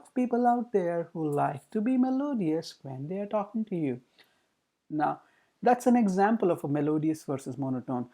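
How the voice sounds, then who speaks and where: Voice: expressive, moderate pace. A communication trainer giving a recorded training talk, explaining with rhetorical questions. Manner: demonstrates pitch, pace and loudness with the voice.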